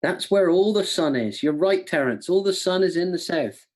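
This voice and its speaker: Jokey guy hosting a quiz from home on a video call, pretty high voice, reads questions twice. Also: lively intonation, moderate pace. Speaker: quiz co-host. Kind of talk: casual online quiz hosting. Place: home room by a window.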